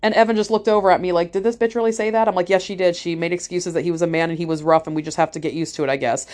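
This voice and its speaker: Blunt, fast-talking mom with a lowish voice who vents in casual vlog style and does voices for the people in her story. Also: fairly even intonation, darkish tone. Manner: blunt, profane, acts out other people's voices. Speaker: parent telling a story.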